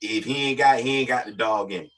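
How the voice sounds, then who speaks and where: A man's voice: mid-range voice, fast talker, fairly bright tone. A male co-host giving blunt, emphatic opinions in casual sports talk. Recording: distant mic.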